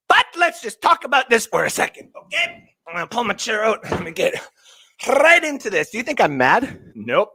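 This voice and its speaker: A Canadian man co-hosting a casual sports podcast, ranting excitedly and swinging from mutters to shouts. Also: high-pitched. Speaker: co-host.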